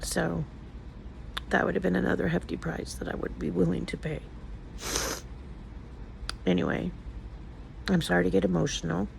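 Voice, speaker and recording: A woman's voice: on the low side, level tone, normal speed, vocal fry, long pauses, a little hiss or hum, rough recording. An older woman talking casually in a personal vlog, emotional and rambling as she confides in her viewers. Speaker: vlogger.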